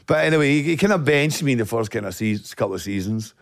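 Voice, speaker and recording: A man's voice: mid-range voice, expressive, quick pace, no room sound, studio quality. A man with a Glasgow accent, a guest actor telling blunt, sweary stories in a casual podcast chat. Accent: Scottish, Glasgow. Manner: swears a lot, blunt storytelling.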